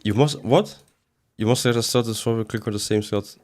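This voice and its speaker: Low-voiced man streaming and chatting. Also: fairly quick, darkish tone. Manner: reads chat aloud and answers it, rambling with sudden exasperated outbursts. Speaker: game streamer. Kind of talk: casual livestream commentary.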